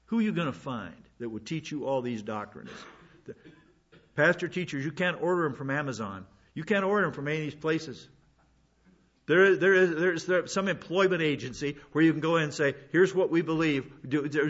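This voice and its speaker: Guy preaching a bible study, kinda high voice, chatty and folksy, muffled lo-fi sound. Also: animated, normal speed, pauses often, fairly bright tone. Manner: conversational, repeats words and restarts, folksy asides. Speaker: pastor. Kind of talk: expository Bible sermon. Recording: dull lo-fi sound.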